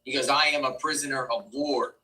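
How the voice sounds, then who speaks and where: Sharp-voiced man reading court updates live. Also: medium pitch. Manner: halting, stumbles over words, excitable asides. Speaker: live-stream news host. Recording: distant mic with faint background noise.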